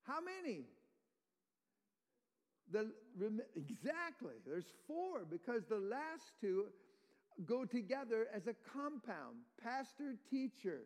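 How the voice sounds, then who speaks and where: Pastor, male, high voice, teaching sermon with questions to the pews, long church reverb. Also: big pitch swings, slow. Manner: explains verse by verse, quizzes the congregation. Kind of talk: expository sermon.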